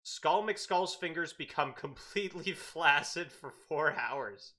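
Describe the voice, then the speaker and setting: Bright-toned, giggly dungeon master. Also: mid-range voice, lively intonation, slow pace. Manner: laughing often while narrating. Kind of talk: improvised tabletop game narration.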